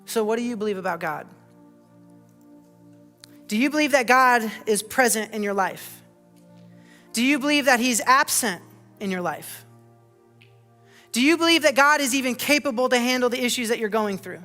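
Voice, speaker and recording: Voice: medium pitch, animated, moderate pace, pauses often, bright, forceful tone, long reverb tail, faint music behind. A pastor giving a sermon, earnest and personal, with many rhetorical questions. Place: church auditorium.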